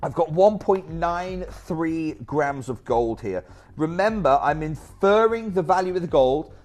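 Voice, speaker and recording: A man's voice: fairly high pitch, measured pace. Upbeat man presenting TV shopping. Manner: energetic, chatty, off-script asides. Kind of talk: live shopping channel selling.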